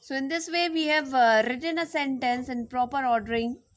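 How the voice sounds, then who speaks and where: A woman giving a slow classroom lecture, reading out example sentences and repeating words one at a time as she dictates them. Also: high voice, steady tone.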